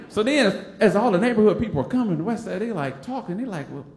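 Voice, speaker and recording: On stage, an animated stand-up comic and storyteller from Detroit tells a live personal story, acting out the other characters' voices. His high voice swings widely in pitch as he talks fast with few pauses, and an echoey room surrounds the sound.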